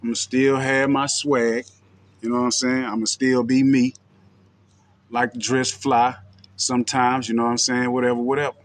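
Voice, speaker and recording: A Texan livestream host with a country twang talks straight to his viewers in loose, street-casual phrasing, often dropping "you know what I'm saying". His medium-pitched voice holds a level tone at a moderate pace.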